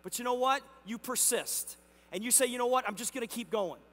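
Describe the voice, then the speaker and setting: A man with a very high voice gives a motivational keynote at a company convention. He tells the story with energy and acts out the back-and-forth with a neighbor himself. His voice carries a long reverb from a large hall. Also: a little fast, a bit bright. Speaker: company executive speaking at a convention.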